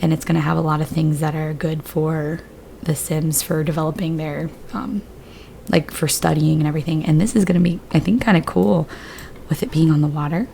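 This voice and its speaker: Low gravelly woman, hoarse, rambling gameplay chat, faint hiss behind. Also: fairly even intonation, a little fast, mellow. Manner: rambling, chatty, a bit scattered. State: hoarse after surgery, voice lower than usual. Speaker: gaming video creator. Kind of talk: casual gameplay commentary.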